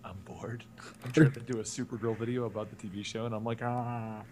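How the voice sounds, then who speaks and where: A man calling in to a live stream, talking in a quiet whisper in casual chat. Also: mid-range voice, flat delivery, rapid-fire, a little hiss or hum. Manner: whispering quietly so as not to wake someone. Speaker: caller, fellow comics video maker.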